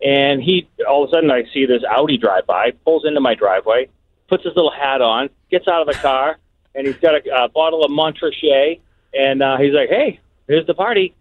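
A man's voice: mid-range voice, brisk, dry recording. Man calling in on a tinny phone. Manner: animated, laughing storyteller. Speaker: caller. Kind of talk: phone-in storytelling.

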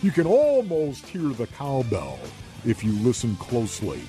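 A man's voice: mid-range voice, huge pitch swings, unhurried. A man hosting a morning sports radio show from a studio, with an upbeat, showman delivery. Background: guitar music bed.

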